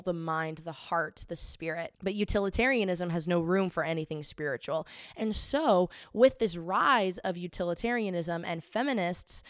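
A woman's voice: fairly low pitch, smooth, dry recording, studio quality. A young woman hosting a talk show, giving an earnest, emphatic monologue that repeats phrases for stress. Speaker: podcast host. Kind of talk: opinionated monologue, then interview.

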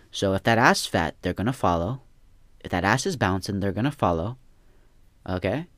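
A man's voice: on the low side, fairly bright tone, no room sound. A young man ranting in a casual, profane, rambling way, often repeating himself. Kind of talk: casual rant.

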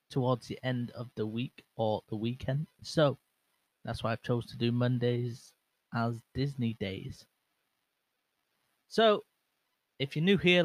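A young man with a mid-range voice hosts a solo podcast, rambling casually and mocking himself amid many fillers and restarts. He talks into a bare microphone with no windscreen, monitoring on a headset, and the recording is dry and rough.

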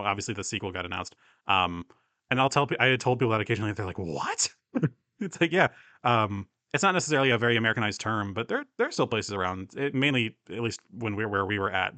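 A young man from the US East Coast and Southeast co-hosts a podcast, chatting casually, rambling, and laughing often. His voice is fairly low, pushed, and bright, with no room sound.

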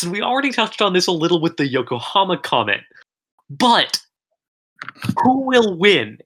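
A woman from the Philippines co-hosting a podcast, chatting casually with animated, sarcastic asides. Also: on the low side. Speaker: podcast co-host. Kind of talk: casual chat.

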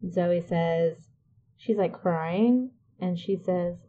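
Lower-voiced woman recapping a movie casually. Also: extremely slow, phone-quality sound. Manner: chatty, swears freely, laughs and jokes. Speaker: podcast co-host.

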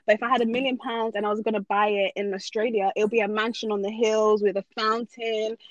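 A woman's voice: medium pitch, flat delivery, fairly quick, no echo. A woman from Norway, talking casually and emphatically in slangy chat, ranting on a podcast. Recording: dull dry close sound.

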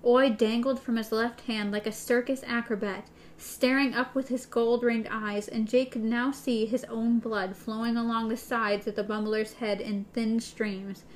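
Animated woman reading and chatting. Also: on the high side, unhurried. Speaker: podcast co-host. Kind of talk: reading a novel aloud and chatting about it.

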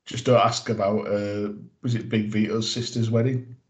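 A man's voice: fairly low pitch, level tone, moderate pace. A man chatting as a podcast guest, wry and self-deprecating. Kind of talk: casual podcast chat.

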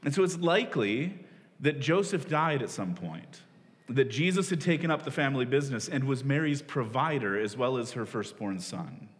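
A man's voice: medium pitch, expressive, moderate pace. A man in his forties, a pastor preaching a sermon in a loose, conversational way, often laughing at himself. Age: 40s. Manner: conversational, self-deprecating, with frequent laughs and restarts. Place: church hall. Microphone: stage microphone. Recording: long reverb of a large hall.

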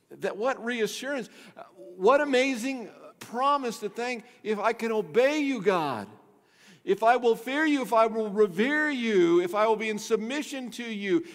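A man preaching a sermon. His voice swings from hushed and low to loud and emphatic, he repeats phrases, and he stretches out key words. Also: in a large hall. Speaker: pastor.

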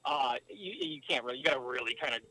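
This American ex-pro hockey player talks quickly in a mid-range, gravelly, bright voice that swings hugely in pitch and lands with force. On a podcast, he rambles through a long story full of fillers and side tangents, and the audio is poor.

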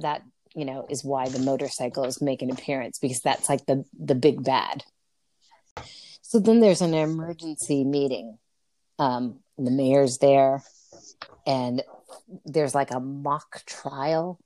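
A woman's voice: sits low, warm tone. A woman co-hosting a podcast, chatting casually as she recaps a movie, with plenty of fillers and laughs. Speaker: podcast co-host. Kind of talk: casual chat recapping a film.

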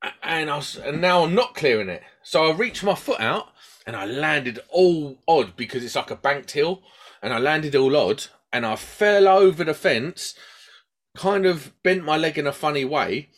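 Speaking at a moderate pace in a voice on the high side, this British man chats casually. His long, rambling story is lively, with him performing the voices of its characters.

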